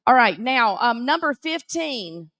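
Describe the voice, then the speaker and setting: A woman with a Southern American accent announcing prize winners at a live event, teasing and animated. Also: a little high, measured pace, no echo, clean studio sound. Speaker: auction emcee.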